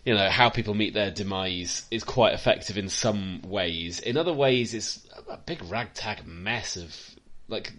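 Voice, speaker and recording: A man's voice: fairly low pitch, unhurried, fairly bright tone, slight background noise. A man co-hosting a casual film podcast, sardonic and prone to acting out scenes in silly voices. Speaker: podcast co-host. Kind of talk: casual film review chat.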